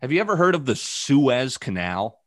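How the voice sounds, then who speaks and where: A man's voice: medium pitch, very animated, normal speed, no echo, studio quality. A man hosting a casual podcast, rambling with jokes and many fillers. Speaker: podcast host.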